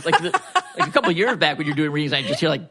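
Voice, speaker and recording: A man co-hosting a podcast, chatting in a relaxed, supportive way. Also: fairly high pitch, rapid-fire. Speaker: podcast co-host. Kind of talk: casual podcast chat.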